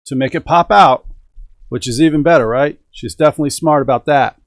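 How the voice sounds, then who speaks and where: A middle-aged man hosts a radio-control hobby live stream from his home, chatting with viewers and the chat in a casual, upbeat way. His voice is medium in pitch and brisk, and the recording is dry.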